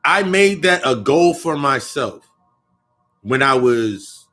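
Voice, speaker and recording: A man's voice: mid-range voice, expressive, takes it slowly, pushed and bright, faint music behind. A young man talking in a casual spiritual monologue, profane and rambling, often repeating and restarting his phrases. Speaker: occult vlogger.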